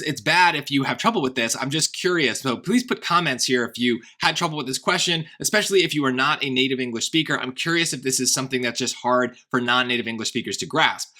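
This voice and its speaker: A man's voice: on the high side, sharp tone. A man explaining a test question as a tutor, in a casual, conversational way, thinking aloud and often checking in with "right?". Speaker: SAT tutor.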